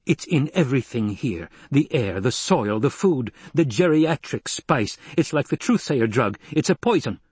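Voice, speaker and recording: A man voicing an anguished, bitter young man in an audiobook reading, husky and intense. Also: mid-range voice, very animated, moderate pace, few pauses, darkish tone, no room sound. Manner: intense, rising to hysteria.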